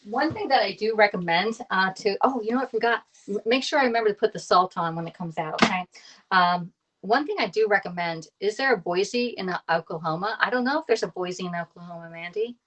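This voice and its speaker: With a mid-range, slightly bright voice and a brisk pace, a Pennsylvania woman in her thirties chats casually while cooking for her live stream audience, often laughing and calling viewers by name. She's a cooking live-streamer and a kitchen tools consultant.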